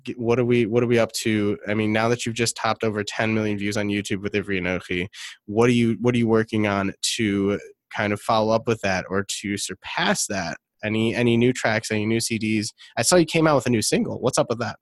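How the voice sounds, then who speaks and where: A man with a lowish voice hosts a relaxed interview. He talks in a chatty way and restarts his phrases often. The sound is close and dry. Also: a little fast, dry recording. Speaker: interview host. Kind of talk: casual interview.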